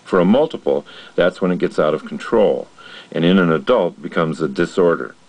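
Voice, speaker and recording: Deep-voiced man, earnest motivational narration. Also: moderate pace, darkish tone, rough recording.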